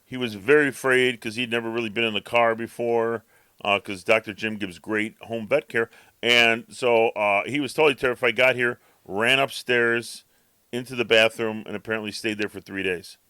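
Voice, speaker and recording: Man, bright voice, dry close sound, rambling storyteller, casual podcast chat. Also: mid-range voice, fairly even intonation, normal speed, smooth, dry recording. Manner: rambling storyteller, acts out the cat's thoughts. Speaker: podcast co-host.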